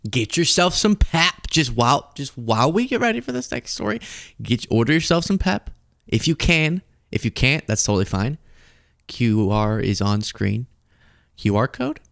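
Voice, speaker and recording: A man hosting a political commentary show, sarcastic and animated. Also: mid-range voice, no room sound, studio quality. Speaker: host.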